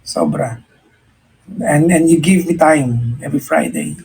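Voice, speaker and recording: A man's voice: on the high side, measured pace, vocal fry, darkish tone, breathy edge, poor audio. A man with a Filipino accent, a radio host giving earnest, reflective life advice in casual chat and often restarting his sentences. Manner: earnest and reflective, mixing English and Tagalog, frequent restarts. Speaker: radio host answering a listener.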